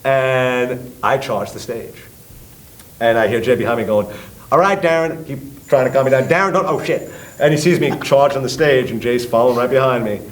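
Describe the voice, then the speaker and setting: A middle-aged man from New York with a New York accent, a guest telling a story with loud acted-out quotes and swearing. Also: medium pitch, brisk, low-quality recording. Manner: lively, acts out quotes loudly, swears. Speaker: guest, tribute band singer. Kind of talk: animated storytelling.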